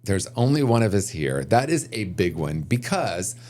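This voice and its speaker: A man's voice: on the low side, big pitch swings, normal speed, a little mellow. A man speaking as a podcast guest on recovery, reflective and earnest, thinking aloud and often restarting his sentences. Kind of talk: conversational podcast interview.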